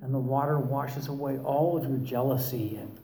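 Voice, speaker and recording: A man imitating a calm female therapist leading a guided meditation in a slow, hushed, soothing voice. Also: mid-range voice, roomy sound, slight background noise, lightly acted, poor audio.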